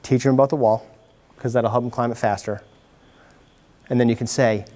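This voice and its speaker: Guy running a parent workshop, animated and jokey, bit of hall echo. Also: mid-range voice. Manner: animated, acts out kids and parents in quick voices. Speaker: workshop presenter. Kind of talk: lively workshop talk to parents. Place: meeting room. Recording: hall reverb from a community-TV taped talk.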